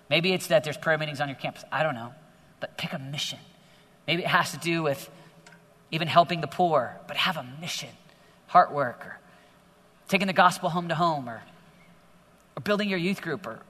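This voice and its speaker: A middle-aged man preaching to teenagers in a large hall, energetic and exhorting, often growing animated. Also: a little high. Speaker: youth speaker. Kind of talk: sermon to teenagers. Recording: long hall reverb.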